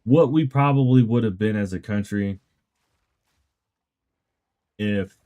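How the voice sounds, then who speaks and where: Low, mellow, earnest man. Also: slow pace, dull audio. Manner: earnest, reflective. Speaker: guest in chat. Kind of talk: casual chat.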